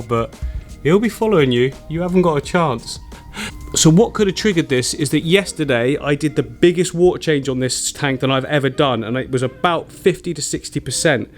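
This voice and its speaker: A man vlogging about his aquarium, excitable and chatty, laughing often between remarks. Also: mid-range voice, fairly quick, faint music behind. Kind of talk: excited casual vlog narration.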